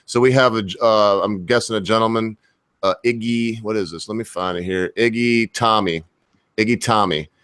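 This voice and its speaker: A man's voice: lowish voice, steady tone, normal speed, fairly bright tone, clear, resonant tone. A man hosting a live stream, chatting in a folksy, joking manner. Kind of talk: casual group chat on a live stream.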